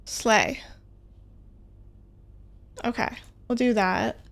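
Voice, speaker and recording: Gravelly-voiced woman streaming a game. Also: on the high side, drawn-out words. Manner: chatty, self-mocking, talks to herself. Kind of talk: casual gameplay commentary.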